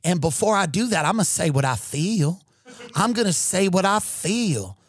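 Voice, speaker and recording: A man's voice: sits high, big pitch swings, moderate pace, breathy edge, dry recording, full character voice. A man impersonating a greedy, blunt old Southern senator in a sassy drawl. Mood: blunt crude.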